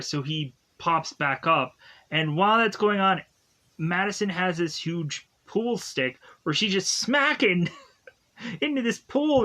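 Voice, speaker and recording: Slow, rambling man recapping a movie. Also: sits high, fairly bright tone. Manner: rambling, filler-heavy retelling with many "like" and "is to go on". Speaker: movie reviewer. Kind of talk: casual spoken plot recap.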